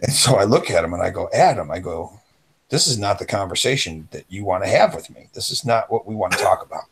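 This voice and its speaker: A man's voice: sits low, big pitch swings, fast talker, a bit bright, husky. A man co-hosting a casual podcast chat, telling a rambling story and acting out the voices of people he quotes. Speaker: podcast co-host.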